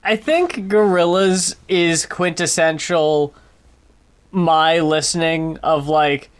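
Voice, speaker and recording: A man's voice: fairly high pitch, takes it slowly, clear, resonant tone. A man co-hosting a podcast, chatting about an album in an easygoing, thoughtful way. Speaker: podcast co-host. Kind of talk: casual album review chat.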